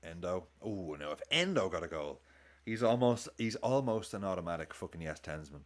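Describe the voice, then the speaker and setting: Scouse male host, low voice, very animated, sweary live football reactions. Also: normal speed. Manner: excitable, sweary, banters with chat. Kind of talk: live match commentary and chat.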